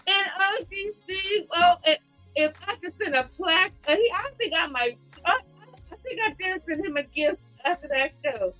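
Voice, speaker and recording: A woman's voice: very high-pitched, lively intonation, moderate pace, sharp tone, soft background music, low-quality recording. A woman hosting a casual livestream chat, teary and giggling through her words as she laughs. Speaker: host.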